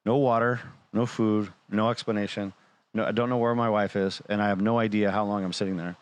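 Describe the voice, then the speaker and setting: Low-pitched man, casual storyteller, acts out the dialogue, talk-show guest. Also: brisk, smooth. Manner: animated, quotes others in dialogue.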